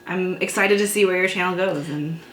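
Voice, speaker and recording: A woman's voice: on the low side, fairly quick, fairly bright tone, slight background noise. A woman guest chatting casually, enthusiastic and talkative. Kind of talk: casual chat. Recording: echoey room.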